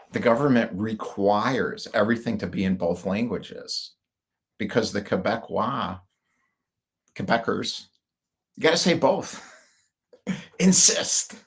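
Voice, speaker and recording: A middle-aged man from the United States rambling through personal stories with wry asides, in casual monologue style. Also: on the low side. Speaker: speaker.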